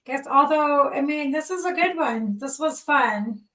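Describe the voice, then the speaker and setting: A woman's voice: high-pitched, unhurried, over a noisy crowd, poor audio. A woman hosting a live stream, reading viewer questions in a bubbly, teasing way. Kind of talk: casual live-stream chat.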